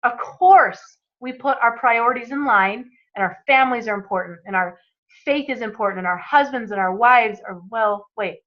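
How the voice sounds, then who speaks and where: Peppy woman with a higher voice, hyping up a book chapter, kinda muffled lo-fi sound. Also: moderate pace. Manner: upbeat, emphatic motivational talk. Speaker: book club co-host. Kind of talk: casual online book club chat. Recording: muffled, lo-fi audio.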